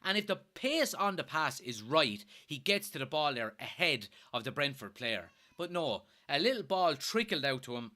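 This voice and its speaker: A man's voice: on the high side, sing-song, moderate pace, hardly any pauses, bright, forceful tone. An Irish man from Kilkenny hosting a live football watchalong, reading viewer comments aloud and reacting in exasperation with plenty of swearing. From Ireland. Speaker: fan watchalong host.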